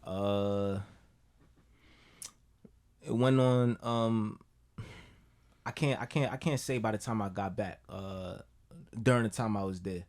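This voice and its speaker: Deep-voiced laid-back New man. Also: slow pace, long pauses, darkish tone. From Brooklyn, New York. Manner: laid-back, rambling, fills with "you know what I'm saying". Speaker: guest musician. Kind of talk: casual podcast chat.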